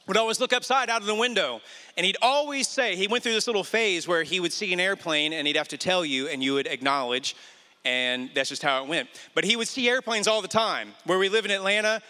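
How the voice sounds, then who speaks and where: A man's voice: mid-range voice, bright, forceful tone, clear, resonant tone. A man preaching a sermon, telling a family story and pressing his points with repeated questions to the listener. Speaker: pastor. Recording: echoey hall reverb.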